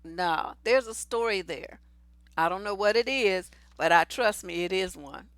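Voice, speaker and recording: A woman's voice: mid-range voice, unhurried, fairly bright tone, no echo. A woman hosting a relationship advice livestream, giving blunt, profane, emphatic answers. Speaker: relationship coach and host.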